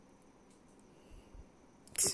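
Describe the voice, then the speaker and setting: A woman talking casually at home in a vlog, chatting to her dog and rambling with frequent soft laughs. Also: very slow, slight background noise. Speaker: vlogger. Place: at home indoors.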